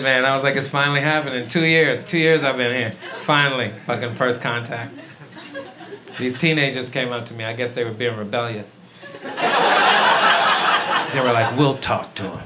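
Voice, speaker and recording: A man from Brooklyn with a New York accent doing a stand-up comedy set, telling stories animatedly and breaking into loud shouted punchlines. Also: mid-range voice. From East New York, Brooklyn. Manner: animated storytelling, shifts into loud shouting punchlines and voiced characters. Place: comedy club stage before a laughing audience. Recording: loud audience noise. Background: audience laughter.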